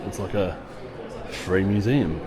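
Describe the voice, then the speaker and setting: Upbeat man, very deep voice. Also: slow pace, crowd noise. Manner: enthusiastic, exclaims often. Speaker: travel vlogger. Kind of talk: walking tour narration. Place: outdoor archaeological site with crowds.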